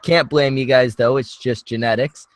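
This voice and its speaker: A man teasing crudely in a deadpan way in a casual online stream chat. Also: medium pitch, moderate pace, crowd noise. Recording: faint background noise with clicks.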